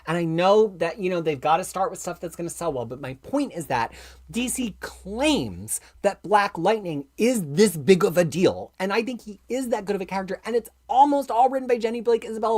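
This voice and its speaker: A woman hosting a live comics stream, talking with passion and reading viewer comments aloud, going from quiet asides to loud, emphatic outbursts. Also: medium pitch, expressive, brisk. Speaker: comics livestream host.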